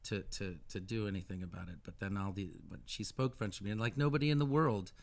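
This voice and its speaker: A middle-aged American man talking as a musician guest in a casual radio interview, halting with many restarts and animated asides. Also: fairly low pitch, creaky. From United States.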